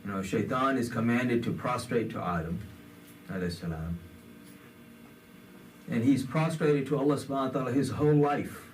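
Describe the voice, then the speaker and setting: A man's voice: medium pitch, expressive, moderate pace, long pauses, far from the mic, slight background noise. A man giving a conversational sermon, with many fillers, in a community center hall. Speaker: imam.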